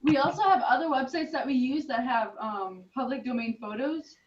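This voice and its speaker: A woman giving relaxed, helpful tips in a casual video call, pausing with "um". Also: high voice. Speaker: team member helping a trainee. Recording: muffled, distant call audio with faint noise.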